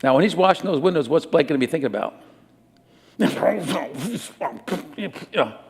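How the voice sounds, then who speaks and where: A middle-aged man preaching a sermon as a pastor, animated and acting out little scenes. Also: fairly high pitch, very fast, slightly rough.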